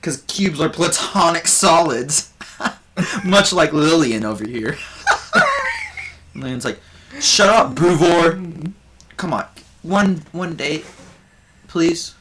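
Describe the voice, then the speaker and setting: A man's voice: on the high side, noisy background, pitched above the performer's own voice. A man voicing a lanky male bugbear stand-up comedian who tells corny puns and waits for laughs. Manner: chummy, hammy joke delivery with pauses for laughs.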